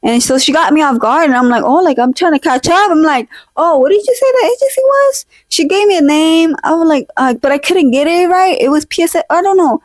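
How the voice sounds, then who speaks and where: Here a young woman with a high voice hosts her casual podcast vlog, briskly spinning a chatty, slangy story with Spanish phrases and few pauses. It's a dry recording on a poor home handheld or desk mic, and she sometimes moves away from it.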